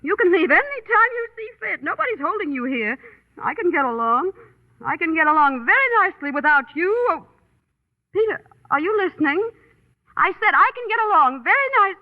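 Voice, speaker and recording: A petulant runaway heiress in a 1930s radio play, with a high voice that swings all over. She whines and sulks at every turn. The sound is tinny, like an old broadcast. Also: lively intonation, a little fast. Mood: indignant. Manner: whiny, complaining, dramatic. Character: spoiled runaway heiress, young woman, petulant. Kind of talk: 1930s radio drama acting.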